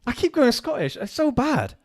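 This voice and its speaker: A man's voice: extremely high pitch, very animated, moderate pace. A man with a West Country twang chatting on a live show, laughing often and mocking himself. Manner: laughs a lot, self-mocking, restarts. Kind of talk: casual chat, trying movie-quote accents.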